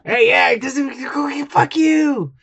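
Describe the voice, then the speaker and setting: A man co-hosting a casual podcast, tipsy on beer, loud and profane as he reads out comments. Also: extremely high pitch, slow pace, creaky, lo-fi sound. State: drinking beer. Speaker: podcast co-host. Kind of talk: drunk casual banter reading comments.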